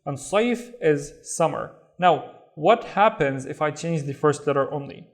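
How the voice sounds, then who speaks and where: A man with a Saudi accent teaching a reading lesson, sounding out syllables and repeating each word slowly. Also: on the high side, animated. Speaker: Arabic teacher. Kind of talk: slow, careful reading lesson.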